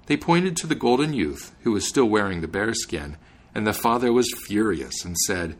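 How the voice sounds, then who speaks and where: Guy reading fairy tales on his podcast, gravelly, really lively delivery. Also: fairly low pitch, normal speed. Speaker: podcast host and narrator.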